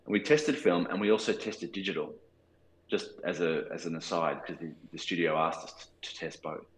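A man's voice: low voice, brisk, reverberant, slight background noise, low-quality recording. A man in his forties with an Australian accent, a cinematographer talking thoughtfully in an interview, with many restarts and fillers. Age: 40s. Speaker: cinematographer guest. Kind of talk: casual interview talk.

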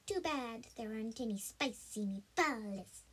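A showy female bunny hamming it up with a put-on Italian accent, as a woman acts her out. The voice sits high and swoops widely, slow and theatrical, for a homemade told story. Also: expressive, slightly rough. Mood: hammy. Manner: theatrical, hammy.

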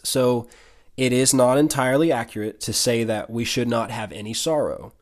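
A male preacher delivers a sermon in an earnest, chatty way. His voice sits at an ordinary middle pitch, and he often restarts phrases as he works through a point. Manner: earnest, conversational, with frequent restarts and brief laughs.

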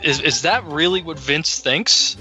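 A man's voice: on the high side, measured pace, sharp tone, faint music behind. A man co-hosting a wrestling podcast in casual chat, rambling and getting heated. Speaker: podcast co-host.

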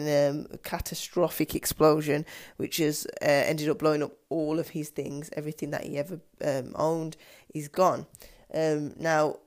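A woman's voice: low-pitched, darkish tone. A woman casually retelling a film's plot, hesitant, with many ums and restarts. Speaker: film discussion vlogger.

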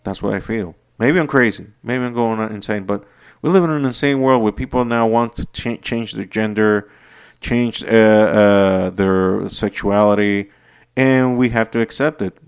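A man hosting a podcast, delivering an unscripted, profane rant that swings between heated outbursts and low muttering. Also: measured pace, clear, resonant tone. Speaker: podcast host. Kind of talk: unscripted ranting monologue.

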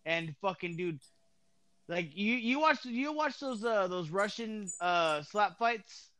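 A man in casual conversation who keeps halting and reaching for words, his sentences full of fillers. His voice is high and smooth. The sound is dry and close, with no room around it. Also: animated, a bit bright, dry recording. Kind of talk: casual chat.

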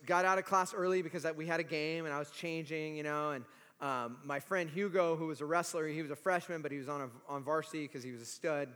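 A man in his forties, a pastor preaching a sermon with animated, humorous storytelling, in a church. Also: on the high side. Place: church sanctuary. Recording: long reverb of a large hall.

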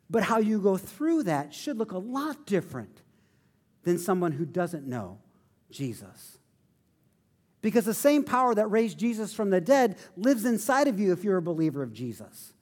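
A man preaching a sermon in a high, lively voice that swings up and down as he tells a story. He slips in self-deprecating jokes and keeps the storytelling animated. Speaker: pastor.

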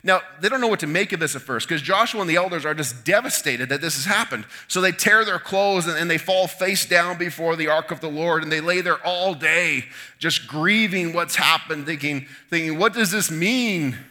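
Bright-voiced preacher telling a story. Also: male voice, fairly high pitch, normal speed. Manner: animated storytelling with asides to the audience. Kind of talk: sermon.

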